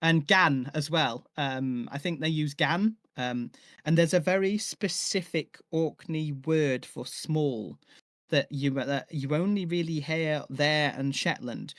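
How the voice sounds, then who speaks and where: Young guy from cheshire chatting on a stream, lots of ums and restarts, bit high, dry sound. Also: measured pace, fairly bright tone, dry recording. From Cheshire, England. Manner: rambling, many fillers and restarts. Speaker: audio drama maker. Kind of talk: casual chat on a live stream.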